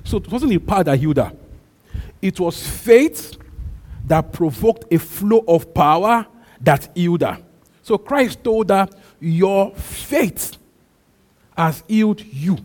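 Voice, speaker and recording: In a church, a male pastor delivers an emphatic, repetitive sermon, calling out to his congregation. His voice is high and a little mellow, and the recording carries a long hall reverb.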